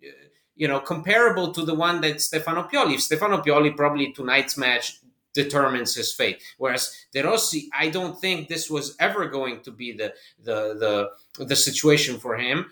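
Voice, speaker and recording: A man co-hosting a football podcast, talking in a measured, analytical way with fillers. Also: fairly high pitch, sharp tone. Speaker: podcast co-host. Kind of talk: casual podcast chat. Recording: roomy echoey room.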